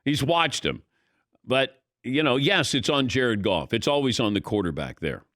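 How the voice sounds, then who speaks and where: A man's voice: mid-range voice, animated, normal speed, a bit bright, no room sound, studio quality. A man hosting a sports talk radio show, giving conversational, opinionated commentary.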